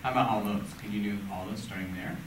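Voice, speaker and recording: A middle-aged man giving a child gentle, patient violin coaching and asking her questions as he goes. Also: on the low side, steady tone, fast talker, heavy background noise. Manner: encouraging, patient, asks questions. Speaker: violin teacher giving a critique. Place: conservatory room with violin playing. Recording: echoey room, voice from far off.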